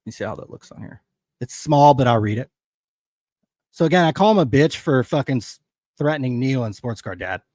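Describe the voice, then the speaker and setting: A man's voice: mid-range voice, lively intonation, fairly quick, darkish tone, no room sound. A man hosting a livestream, ranting angrily with constant swearing in loose, heated casual commentary. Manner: profane, angry ranting. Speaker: livestream host.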